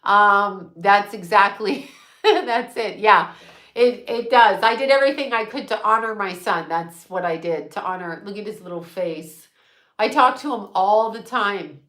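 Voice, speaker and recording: A woman's voice: mid-range voice, measured pace, fairly bright tone, echoey room. A middle-aged woman, a psychic medium, chatting casually and bluntly, swearing freely and laughing often. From United States. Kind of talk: casual livestream chat.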